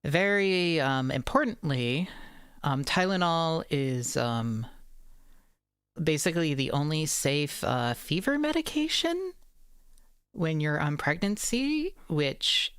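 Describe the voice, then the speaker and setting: A woman streamer in pain and low on energy, rambling casually with her chat and swearing now and then. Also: lively intonation, slow, clear, resonant tone, no room sound, studio quality.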